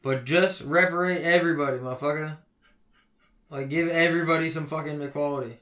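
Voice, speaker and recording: A young man ranting heatedly on a casual podcast, swearing constantly and swinging between loud outbursts and low mutters. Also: fairly even intonation, fairly quick. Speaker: podcast co-host.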